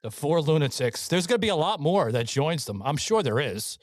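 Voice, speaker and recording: A man's voice: fairly high pitch, sing-song, moderate pace, no echo. A man co-hosting a podcast in a studio, chatting casually with lots of swearing, laughter and banter. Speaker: podcast co-host. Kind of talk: casual political chat.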